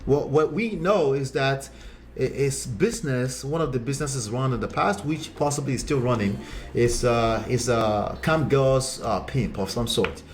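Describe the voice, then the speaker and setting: A man hosts a live stream and coaches viewers on relationships. He lectures bluntly and turns to the men listening. His voice sits at a middle pitch, with faint noise behind it. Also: normal speed. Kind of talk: live-stream chat reading viewer comments.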